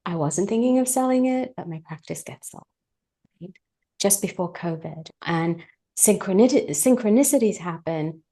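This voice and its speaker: A middle-aged woman with a low, gravelly edge to her voice tells a personal story as a podcast guest. Her tone is mellow and dark. She talks candidly and with animation, acting out her own past words. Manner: candid and chatty, talks straight to the listeners.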